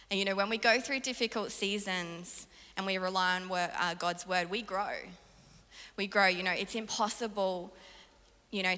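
A young woman delivers a sermon with a bright, forceful tone and a lower pitch than most women. Her voice rings out in a long hall reverb as she speaks earnestly. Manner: earnest, animated storytelling with laughs. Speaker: preacher.

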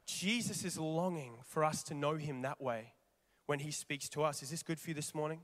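Speaking at a normal pace, a high-voiced man preaches to his congregation in a lively, conversational way, tossing out one rhetorical question after another. A big church hall lends his voice a long, ringing reverb.

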